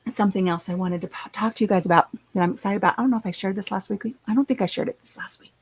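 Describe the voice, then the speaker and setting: A woman's voice: mid-range voice, racing, slightly rough, dry recording, poor audio. A middle-aged woman, chatting casually and rambling with her viewers as host of her channel. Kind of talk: casual livestream chat.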